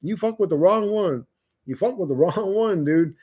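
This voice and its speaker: A man with a somewhat high, husky voice rants casually to a live chat. He swears freely, mocks, and laughs often. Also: lively intonation, moderate pace, darkish tone. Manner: profane, mocking, laughs often. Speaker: livestream host reading chat.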